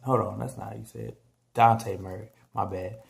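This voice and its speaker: Gravelly animated man riffing on basketball. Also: quick pace, slight background noise. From San Antonio, Texas. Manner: animated, joking, trash-talking, mimics teams and players in high mock voices. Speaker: vlogger. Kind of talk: casual basketball commentary vlog.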